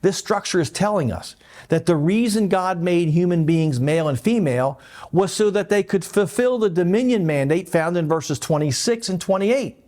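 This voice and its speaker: A man teaching a Bible lesson as pastor, explaining and animated, with light asides. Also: high-pitched, normal speed. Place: church.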